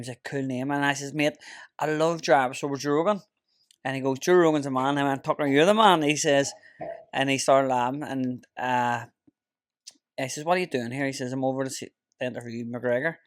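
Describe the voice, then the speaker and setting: An Irish man hosts a casual podcast chat, telling stories packed with swearing and frequent laughter. His medium-pitched voice has fairly even intonation and runs a little fast, in a clean studio recording with no room sound.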